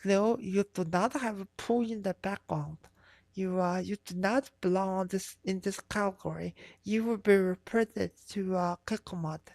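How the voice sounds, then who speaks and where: A woman's voice: mid-range voice, darkish tone, no room sound. Woman mocking a prissy rule-quoting troll. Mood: haughty. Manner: slow, haughty, nitpicking.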